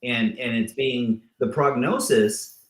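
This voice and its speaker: A man's voice: mid-range voice, takes it slowly. A man hosting a talk show, chatting playfully and reeling off long lists of words. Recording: roomy echo.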